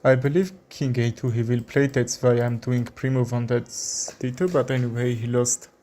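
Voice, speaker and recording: A man from Armenia with an Armenian accent, a chess streamer commenting live in halting English with many fillers. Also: mid-range voice, little pitch movement, dark tone.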